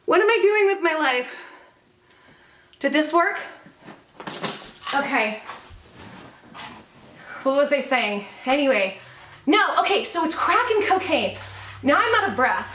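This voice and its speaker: A woman's voice: high-pitched, big pitch swings, slow pace, long pauses, a bit bright, roomy sound, slight background noise. A woman YouTuber in a casual commentary vlog, rambling, swearing freely and laughing as she talks sarcastically from a room at home.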